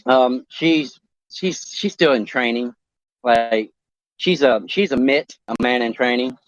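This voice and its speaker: A man co-hosting a talk show in crude casual chat, rambling and halting, swearing often. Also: medium pitch, dry recording. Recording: dry, dull lo-fi sound.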